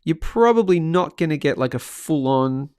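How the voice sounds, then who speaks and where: A man hosting a live market stream in a casual, upbeat way, reading out viewers' chat messages with quick asides. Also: fairly high pitch, lively intonation, darkish tone, clean tone, dry recording, studio quality.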